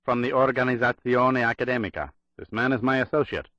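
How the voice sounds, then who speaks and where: A man's voice: medium pitch, steady tone, fairly quick, a bit bright, no echo, muffled recording, pitched above the performer's own voice, lightly acted. A man voicing a tense Russian agent on the run, speaking with urgent intensity in an audiobook thriller. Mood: guarded. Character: tense male Russian agent hiding in hills.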